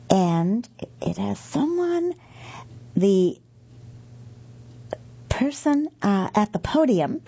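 A woman's voice: mid-range voice, dark tone, muffled recording, slight background noise. A middle-aged woman reading magazine pieces aloud for a podcast, chatty and correcting herself with asides.

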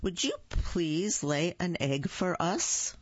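Storybook young chicken, polite and eager, read by a woman; slow, dull lo-fi sound. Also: fairly low pitch, expressive. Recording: dull lo-fi dry recording.

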